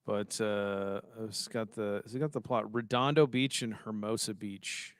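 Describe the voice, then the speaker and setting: Heard in clean studio sound with no echo, this podcast co-host has a lowish, clean voice with a steady tone and a slightly slow pace. He chats loosely about baseball and movies, rambling and cursing in a relaxed way.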